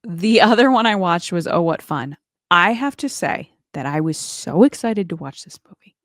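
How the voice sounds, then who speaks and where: A woman's voice: fairly low pitch, expressive, moderate pace, dry recording, studio quality. A woman co-hosting a podcast in casual chat, talking with lots of "like" and playful quoted voices. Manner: chatty, says "like" a lot, quotes people in playful voices. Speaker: podcast co-host.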